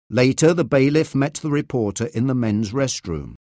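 A man reading a story aloud as narrator, slowly, clearly and deliberately. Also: mid-range voice, lively intonation, mellow, no room sound, clean studio sound. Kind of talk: scripted narration of a graded reader.

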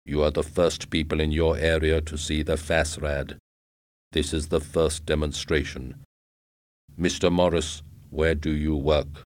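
A man voicing a huge robot salesman who speaks calmly and evenly. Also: dry recording, clean studio sound. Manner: calm, measured, low.

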